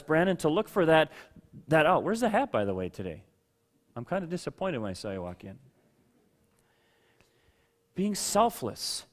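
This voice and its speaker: A man's voice: mid-range voice, sing-song, normal speed. A man pastor giving a conversational sermon, calling listeners by name and often checking that they agree.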